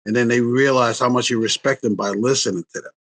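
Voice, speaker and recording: A relationship coach in his sixties tells family stories in a casual interview, animated and acting out quotes in a raised voice. His voice is mid-range and quick.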